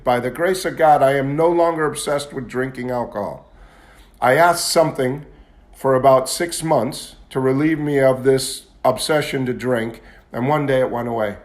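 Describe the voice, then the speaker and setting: A man giving a candid, confessional talk at a recovery meeting, at times building into agitated intensity. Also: mid-range voice. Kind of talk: personal testimony talk.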